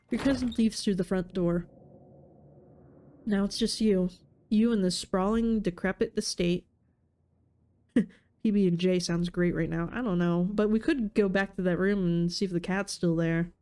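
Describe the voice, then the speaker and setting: A woman's voice: mid-range voice, steady tone, moderate pace, long pauses, mellow, faint music behind. A woman playing a story game, reading its text aloud and adding playful, casual commentary. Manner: playful, laughs at her own reading. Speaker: let's player.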